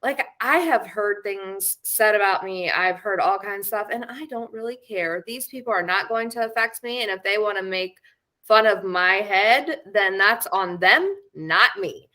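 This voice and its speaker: A woman's voice: medium pitch, moderate pace, hardly any pauses, sharp tone. A woman co-hosting a podcast, chatting casually and animatedly, with lots of "like" and laughter. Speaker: podcast co-host. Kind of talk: casual chat.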